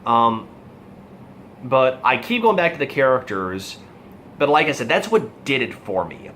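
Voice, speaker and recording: A man's voice: mid-range voice, very animated, measured pace, a bit bright, a little hiss or hum. A young adult man giving a casual, rambling movie review, full of fillers and asides. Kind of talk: casual film review monologue.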